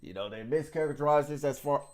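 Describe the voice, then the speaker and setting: In this vlog, a host with a slightly high voice talks fast and rants about politics, swearing heavily and mocking his targets emphatically. He rambles, restarting often and filling gaps with fillers in a profane political tirade.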